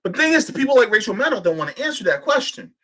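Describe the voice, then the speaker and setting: A man's voice: high-pitched, very animated, racing, sharp tone. A man hosting a political livestream, arguing fiercely, firing off rhetorical questions and swearing now and then. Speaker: host.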